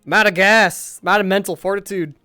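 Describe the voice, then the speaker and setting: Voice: medium pitch, fairly even intonation, brisk, bright, forceful tone, no echo, clean studio sound, faint music behind. A streamer chatting casually to viewers out of character, rambling and exasperated, swearing heavily. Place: at home, recording in virtual reality.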